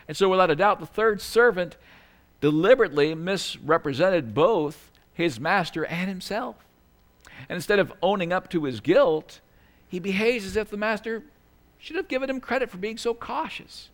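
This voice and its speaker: A man delivers a sermon from the pulpit with a slightly high voice. He preaches conversationally, breaking off for asides and correcting himself as he goes, and now and then acts out quoted lines in a small pleading voice. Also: fairly bright tone. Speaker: pastor.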